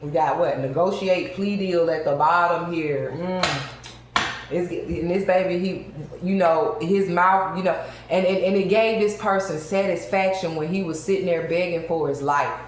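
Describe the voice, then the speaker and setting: Woman, tarot reader, low voice, emphatic, talks to viewers, heavy room echo. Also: a little slow, a little hiss or hum. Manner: emphatic, addresses viewers directly. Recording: very echoey room.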